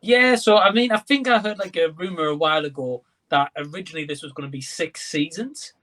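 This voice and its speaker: A man's voice: fairly high pitch, fairly quick, sharp tone. A man who is a guest on a casual podcast chat. He talks at length, weighing his predictions. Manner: speculative, lays out predictions at length.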